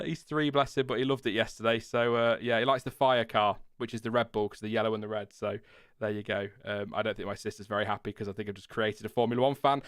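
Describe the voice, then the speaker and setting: A young man chatting through a live stream, reading viewer comments aloud with easy asides. His voice is smooth and clear. The sound is close and dry. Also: mid-range voice, no echo. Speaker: podcast co-host. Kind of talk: casual live-stream chat.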